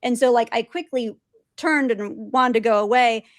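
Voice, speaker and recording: A woman guest telling her spiritual experiences in an animated way, laughing often and acting out quotes. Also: on the high side, normal speed, dry recording, clean studio sound. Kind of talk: storytelling in conversation.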